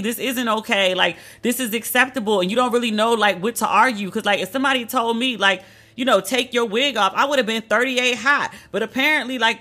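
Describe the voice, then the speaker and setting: Animated, exasperated woman telling a story. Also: on the high side. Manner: animated, exasperated retelling with quoted dialogue. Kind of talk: casual storytelling vlog.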